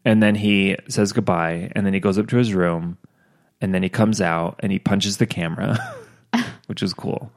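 A man's voice: deep voice, steady tone, moderate pace. A man co-hosting a casual chat, joking and swearing as he acts out quotes while retelling events.

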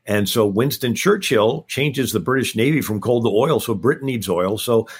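A man appearing as a historian guest, giving a rapid-fire history lecture on a talk show and packing in facts one after another. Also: mid-range voice, animated, husky.

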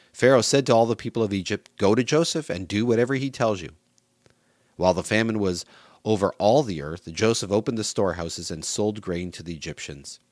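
Man, Bible reading, low voice, measured. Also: dry recording. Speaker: scripture reader.

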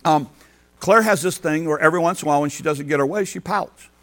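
A man's voice: a little high, quick pace. An older man, a grandfather, preaching a folksy sermon, telling homely stories and acting out quotes. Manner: folksy storytelling, acts out quotes with big swings in loudness. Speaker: pastor.

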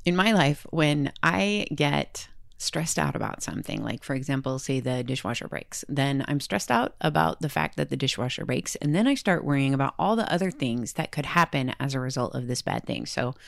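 Low, gravelly-voiced woman podcaster. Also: lively intonation, moderate pace, hardly any pauses, dry recording, clean studio sound. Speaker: podcast host. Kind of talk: casual self-help talk.

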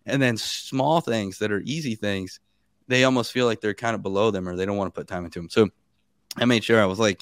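A man in his thirties, a guest on a podcast, telling stories in a casual and animated way, laughing and acting out what people said. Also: lowish voice, fairly quick, clear, resonant tone, no echo, clean studio sound.

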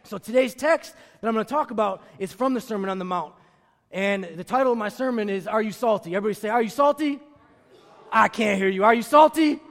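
A man preaching a sermon who calls out to the congregation for responses and hammers his key phrases by repeating them. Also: sits high. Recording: long reverb of a large room.

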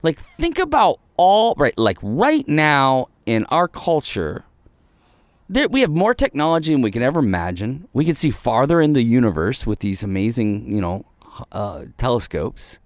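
A man's voice: medium pitch, sing-song, moderate pace, no echo. Pastor guy talking earnest and casual, lots of "like", voice swoops up and down, dry close mic. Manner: earnest and conversational, peppered with "like", voicing Jesus in asides. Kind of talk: devotional sermon.

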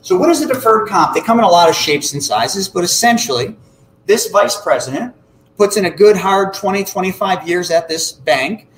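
A man with a fairly high voice explains finance to an audience. He is animated and acts out short dialogues as he goes. The room is echoey, with faint noise behind him. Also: normal speed. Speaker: financial educator.

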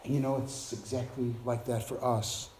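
A man preaching a sermon, swinging from soft, hushed passages to loud, shouted climaxes. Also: mid-range voice, level tone, moderate pace, a little hiss or hum.

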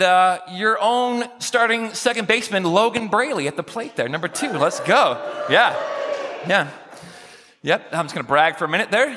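Male pastor, high and bright, jokes with the congregation, long church reverb. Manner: jokey, chatty, banters with the congregation. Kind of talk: sermon. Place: church sanctuary with pews.

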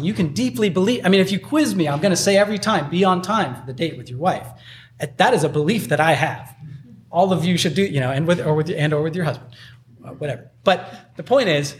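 A man's voice: sits high, a little hiss or hum. A man preaching a sermon in a loose, conversational way, full of fillers. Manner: conversational, uses many filler likes. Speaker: pastor.

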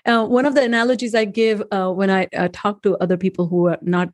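A woman's voice: medium pitch, level tone, fast. A woman hosting a casual chat, telling stories with many "uh" and "um" fillers and frequent laughter. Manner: warm storyteller who laughs often and uses "uh" and "um" fillers. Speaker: podcast host.

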